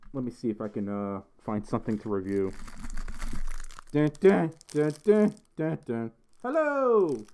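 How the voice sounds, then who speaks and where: A man's voice: mid-range voice, warm tone. A young man hosting a casual livestream, reading viewer messages aloud in a rambling, giggly way full of ums and restarts. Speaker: livestream host.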